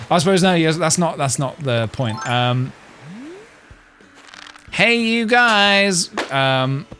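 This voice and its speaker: A man's voice: medium pitch, unhurried, a bit bright. English guy, live streamer, mid voice, rambling musing chat with faint music behind. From England. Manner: musing and chatty, trails off and restarts, laughs to himself. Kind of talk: casual live-stream chat, reading posts aloud.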